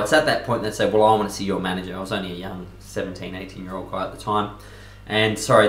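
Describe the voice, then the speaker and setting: A man with a lowish voice gives energetic self-help advice straight to the viewer. He leans hard on key words and now and then acts out what other people say. The sound bounces around a roomy, echoey space. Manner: energetic, emphatic, acts out customer quotes. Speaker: self-improvement coach. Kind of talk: talking-head advice video. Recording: echoey room.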